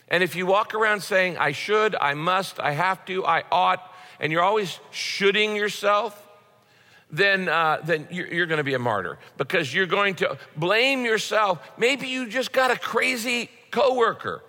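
A man's voice: sits high, pushed and bright. A man preaching a sermon as a pastor, in a conversational way with frequent repeated words. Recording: long hall reverb.

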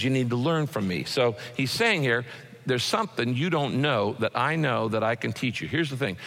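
A man's voice: fairly high pitch, fairly bright tone, in a large hall. A man preaching a sermon as pastor, folksy and punchy, building emphasis as he speaks.

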